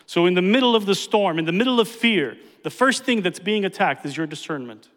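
A man's voice: high-pitched, animated, brisk, fairly bright tone. A man pastor preaching a sermon, emphatic and repeating key phrases for effect. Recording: reverberant hall.

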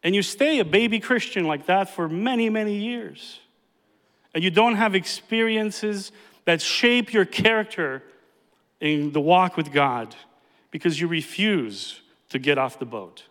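Emphatic preacher in a reverberant hall. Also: male voice, high-pitched, animated, unhurried, a bit bright. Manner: emphatic, repeats key phrases. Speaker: pastor. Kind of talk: sermon.

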